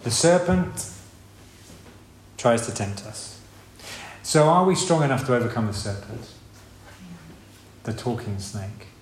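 Man, mid-pitched voice, rambling informal sermon, echoey hall with a faint background hum. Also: expressive, takes it slowly, long pauses. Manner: conversational, rambling with restarts and asides. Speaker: preacher. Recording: roomy hall with faint ambience.

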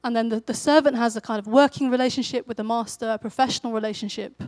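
A woman with a fairly high voice preaches a sermon in an easy, conversational way. She tells the story as if chatting, and her voice lifts with energy when she acts out a character's lines. The sound is dry and close. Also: steady tone, quick pace, darkish tone, no echo.

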